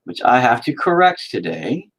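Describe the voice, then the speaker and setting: A man talks loosely to a live-stream audience while he works on a painting. He swears constantly and rambles from one joke to the next. His pitch swings widely, rising high and dropping low. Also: big pitch swings, normal speed, fairly bright tone, husky. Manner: profane, rambling, jokey. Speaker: streaming artist.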